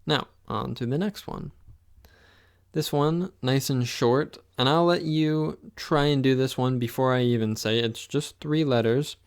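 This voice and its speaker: Slow, patient man teaching pronunciation. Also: mid-range voice, smooth. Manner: slow, patient, repeats words for the listener. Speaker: language teacher. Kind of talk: pronunciation lesson.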